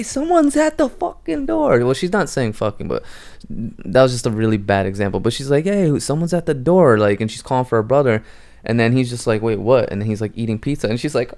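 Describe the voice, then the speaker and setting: A man's voice: on the low side, darkish tone, clear, resonant tone. A young man giving a casual, rambling film review, full of fillers, who acts out lines from the movies as he goes.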